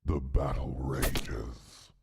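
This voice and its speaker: A synthetic man's voice playing an ominous male warrior-herald, slow and portentous. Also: extremely low pitch, fairly even intonation, creaky, noisy background, exaggerated voice.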